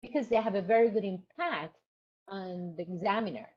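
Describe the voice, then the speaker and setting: A woman teaching a lecture on exam preparation, explaining slowly and checking whether her students follow along. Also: mid-range voice, slightly rough. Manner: explanatory, asks the class questions. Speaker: teacher trainer. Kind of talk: online lecture. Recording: dull lo-fi recording.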